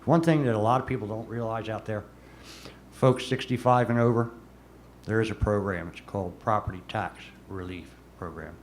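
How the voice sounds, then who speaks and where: A man's voice: on the low side, moderate pace, a little hiss or hum. Emphatic New man at a council meeting. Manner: emphatic, repeats words when pressing a point. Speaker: city commissioner.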